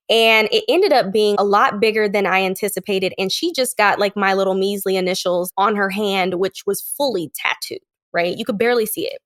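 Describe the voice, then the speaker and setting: A woman who is a podcast guest, telling a candid personal story and acting out the quoted lines in a lively way. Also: mid-range voice, fairly quick, few pauses. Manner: animated, acts out quoted lines.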